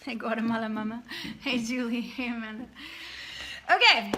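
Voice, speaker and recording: A woman with a voice on the high side, speaking at a moderate pace with a crowd in the background. In a dim room at night she runs a casual live video coaching her business team, greeting viewers by name and chatting loosely with followers.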